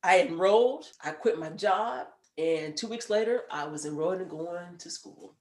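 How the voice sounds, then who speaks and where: A woman in her forties, a podcast guest, telling stories in a lively, emphatic way and laughing now and then. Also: on the low side, normal speed, roomy sound. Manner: animated storyteller, emphatic and laughing. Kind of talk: casual chat.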